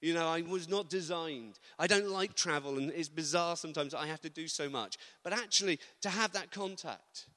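A man preaching a sermon, animated, acting out quotes with humorous asides. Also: on the high side, moderate pace, hardly any pauses. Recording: long reverb of a large hall.

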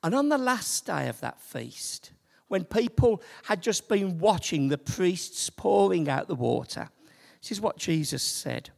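A preacher delivering a sermon to a church congregation, slow and building to loud, emphatic points. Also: medium pitch, sing-song, creaky. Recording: long hall reverb.

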